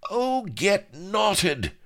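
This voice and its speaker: A man's voice: a bass voice, animated, slow pace, gravelly, a bit bright, voice pushed up, full character voice. A man voicing a scornful, suspicious old pirate who snarls his words.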